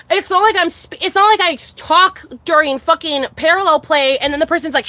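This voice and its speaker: Talking fast with hardly a pause, this female streamer rants to her audience in a very high, sharp voice, cursing nonstop and starting sentences over in frustration. It's a casual venting monologue with no echo.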